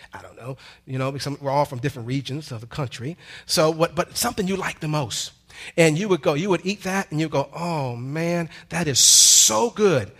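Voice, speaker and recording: A male pastor preaching a sermon with call-and-response, drawn-out emphatic lines and casual conversational asides. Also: on the high side, fairly bright tone.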